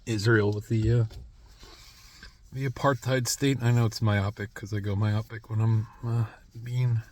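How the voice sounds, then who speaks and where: A man's voice: on the low side, steady tone, measured pace, darkish tone, a little hiss or hum. A man in his thirties talking in a rambling monologue, restarting his sentences and coughing between phrases. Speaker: vlogger.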